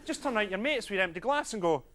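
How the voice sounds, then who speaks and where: A man doing a stand-up routine on stage, talking to the crowd in an animated, conspiratorial way. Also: high voice, racing, heavy background noise. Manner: animated, conspiratorial, bursts into loud quoted cries. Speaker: stand-up comedian. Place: comedy club stage with audience.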